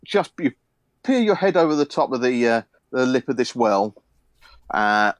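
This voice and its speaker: A man serves as game master, narrating a tabletop game in a relaxed, rambling way full of fillers. His pitch is medium and his speed normal, with no room sound.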